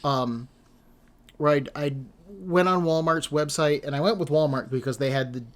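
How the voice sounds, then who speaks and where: A man's voice: on the high side, moderate pace. A man casually telling a long rambling story in an exasperated, self-deprecating way.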